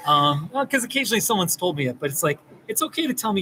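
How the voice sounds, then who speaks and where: A man who works as a therapist, talking casually and gently to the camera, rambling and reassuring. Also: high voice, sing-song, racing, few pauses, slight background noise, low-quality recording. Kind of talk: casual direct-to-camera talk.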